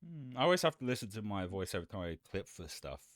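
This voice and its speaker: A man with a deep voice chatting casually on a live stream, rambling and restarting his sentences, often giggling. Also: big pitch swings, fast, no echo, studio quality. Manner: rambling, self-interrupting, giggly.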